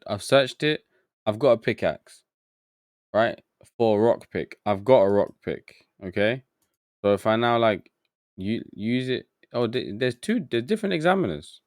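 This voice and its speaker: A man with a lowish voice streams a game live in studio quality with no room sound. He mutters to himself as he gets confused and chats with his viewers.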